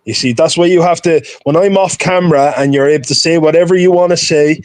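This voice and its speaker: A man's voice: on the high side, fast, no echo. Taunting British man in a debate. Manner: taunting, repeats himself. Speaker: caller. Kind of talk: heated live-stream debate.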